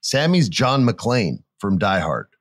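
A man with a fairly low voice talks casually, swinging into animated bits where he acts out what people said. He tells stories with energy and a chatty rhythm. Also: takes it slowly, dry recording, studio quality. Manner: animated storyteller, acts out quotes in jumpy voices. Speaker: podcast co-host. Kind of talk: casual chat.

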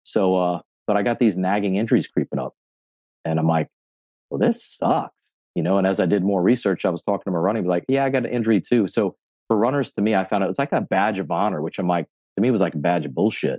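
Deep-voiced man telling fitness stories. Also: fast talker, no room sound. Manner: animated storyteller, acts out quotes, swears casually. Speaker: gym owner and fitness coach. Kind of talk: podcast interview, casual storytelling.

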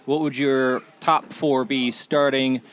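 A man's voice: mid-range voice, little pitch movement, slow. A man hosting a podcast, putting questions to his panel. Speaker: podcast host.

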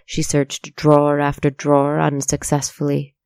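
Gravelly, flat-voiced storyteller. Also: mid-range voice, moderate pace, dry recording, clean studio sound. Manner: steady, even storytelling. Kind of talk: scripted narration.

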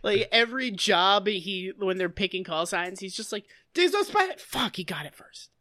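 A woman co-hosting a casual podcast, recapping a story with sarcastic, profane, animated chat. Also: mid-range voice, moderate pace. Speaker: podcast co-host.

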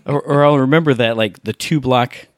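A man co-hosting a gaming podcast, telling excitable, rambling stories in a relaxed chat. His voice sits at an ordinary middle pitch. The sound is dry and close, with no room behind it. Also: moderate pace, no echo. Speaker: podcast co-host.

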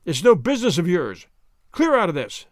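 A man voicing a hulking, grim and impatient ruffian who barks loud commands in a story reading. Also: sits high, wildly swooping pitch, normal speed, dry recording, studio quality. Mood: gruff.

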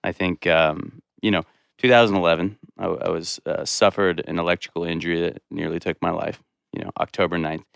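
A man as a podcast guest, speaking in a reflective, halting way with many "um" and "you know" fillers. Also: deep voice, steady tone, creaky, fairly bright tone, smooth, no echo, studio quality. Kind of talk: casual interview conversation.

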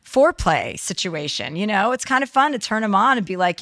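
A woman's voice: medium pitch, big pitch swings, fairly quick, creaky, a bit bright, dry recording. A woman co-hosting a podcast, giving blunt, profane, playful advice in casual chat. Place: Whistler.

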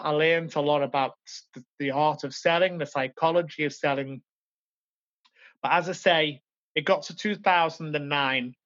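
A man in his forties recounts his past to a podcast host, earnest and reflective, often stopping to restart a thought. His voice sits a little high. The sound is dull and lo-fi. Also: fairly bright tone. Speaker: podcast guest. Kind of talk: reflective personal storytelling.

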